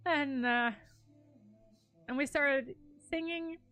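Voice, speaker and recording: Young female streamer, higher voice, chatty and rambling with frequent laughs, faint music underneath. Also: takes it slowly, a bit bright. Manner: gushing, rambling, laughs often. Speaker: streamer showing wedding photos. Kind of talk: casual live-stream chat.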